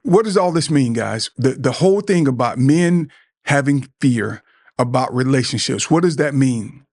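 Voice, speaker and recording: A man's voice: medium pitch, lively intonation, normal speed, darkish tone, dry recording, clean studio sound. A middle-aged man hosting a show, giving an earnest motivational talk to other men, repeating words and acting out what friends might say. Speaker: podcast host.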